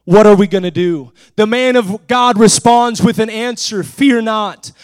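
High-voiced preacher, shouting then hushed. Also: male voice, clear, resonant tone, dry recording. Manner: builds to shouted, drawn-out declarations with "uh" between phrases; drops to soft, low speech between climaxes. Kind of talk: sermon. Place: church.

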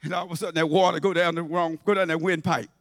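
A man preaching a sermon in church, folksy and conversational, swinging from shouts to low asides. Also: steady tone, fast, dry recording, studio quality. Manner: shouting and half-singing at high points, then dropping to low asides; conversational, folksy, with repetitions and laughter.

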